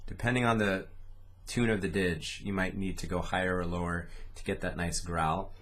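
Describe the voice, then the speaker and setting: In this instructional didgeridoo lesson, a man talks through a rhythm one step at a time, speaking the syllables as he goes. He has a low, fairly bright voice with fairly even intonation and a normal pace, and he explains patiently.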